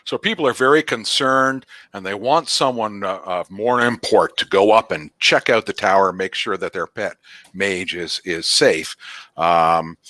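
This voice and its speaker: Forceful low-voiced man as game master. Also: a little slow, no echo. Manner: rambling, with frequent fillers and restarts. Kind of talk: narrating a tabletop game.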